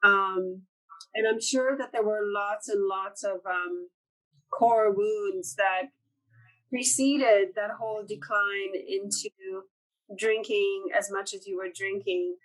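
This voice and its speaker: A woman's voice: medium pitch, steady tone, unhurried, a bit bright, low-quality recording. A woman hosting a casual interview, reflective and supportive, with frequent fillers. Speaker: host.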